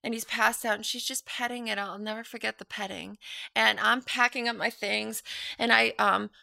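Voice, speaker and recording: A woman's voice: a little high, steady tone, moderate pace, gravelly, sharp tone, no room sound, studio quality. A young woman telling a personal story as a guest in a casual chat. She laughs often and acts out what people said.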